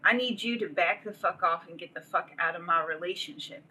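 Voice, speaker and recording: A woman's voice: lowish voice, a little fast, pushed and bright, breathy edge, rough recording. A woman hosting a livestream, ranting casually in a profane, rambling way and laughing often. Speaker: livestream host.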